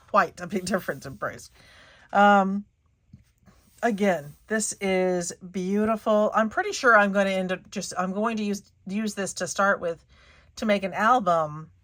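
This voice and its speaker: A woman's voice: medium pitch, a bit bright. A woman hosting her craft channel, chatting casually and giggling through a paper haul with lots of fillers. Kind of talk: casual haul video chat.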